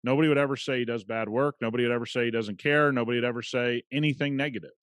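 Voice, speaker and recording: A man's voice: mid-range voice, fairly even intonation, very fast, fairly bright tone, no room sound, studio quality. A man hosting a podcast, telling a story in a conversational, emphatic way. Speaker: podcast host. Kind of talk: casual podcast monologue.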